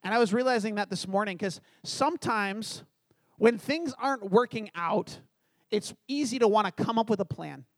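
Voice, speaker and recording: A man's voice: high-pitched, normal speed, no echo, clean studio sound. A middle-aged man from Canada preaching a sermon, telling a personal story with humor and acting out the dialogue. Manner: animated, acts out dialogue, self-deprecating humor. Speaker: pastor.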